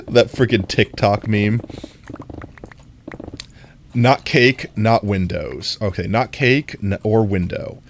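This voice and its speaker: A man's voice: lowish voice, slow, creaky, long pauses, a little hiss or hum. A man streaming a game, chatting casually and playfully with his viewers and laughing often. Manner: playful, giggly, talks to chat.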